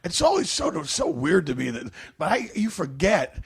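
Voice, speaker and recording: A man's voice: high-pitched, huge pitch swings, normal speed, gravelly, slightly rough. A male comedian guest in casual podcast chat, telling long meandering stories. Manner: rambling, meandering storyteller.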